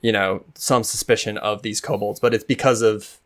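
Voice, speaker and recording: A man narrating as game master of a tabletop game, talking in a relaxed way with many fillers and restarts. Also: lowish voice, moderate pace.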